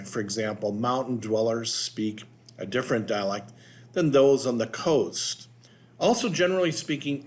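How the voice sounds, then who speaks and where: A man hosting a video, reading notes aloud and adding loose asides with fillers. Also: medium pitch. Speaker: host. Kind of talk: casual narration reading from notes.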